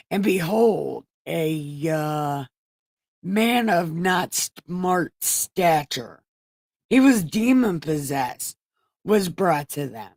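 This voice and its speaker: Slow-talking, low-voiced woman, profane and wry. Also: a little mellow, no room sound. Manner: profane, sarcastic asides. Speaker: host reading scripture. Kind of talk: irreverent casual Bible retelling.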